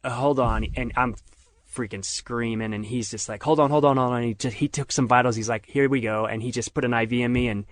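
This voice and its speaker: A man's voice: medium pitch, brisk. A middle-aged man telling a story in casual conversation, acting out what other people said. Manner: animated retelling, acts out others' lines. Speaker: podcast guest.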